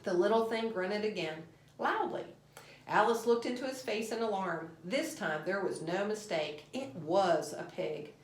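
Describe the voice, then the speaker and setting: Woman reading a storybook aloud, animated. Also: mid-range voice, measured pace. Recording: roomy echo.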